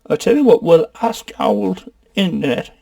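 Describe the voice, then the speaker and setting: A man's voice: high-pitched, animated, normal speed, creaky, dark tone. A Geordie man hosting a casual comic film review, rambling and swearing as he jokes. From North East England. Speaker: film reviewer, channel host.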